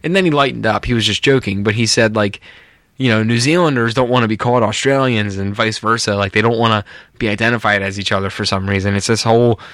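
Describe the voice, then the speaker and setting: A man's voice: fairly low pitch, fast, no echo, clean studio sound. A man from North America co-hosting a podcast, chatting casually and telling rambling stories. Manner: rambling storyteller, lively when telling stories. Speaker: podcast co-host. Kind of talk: casual chat.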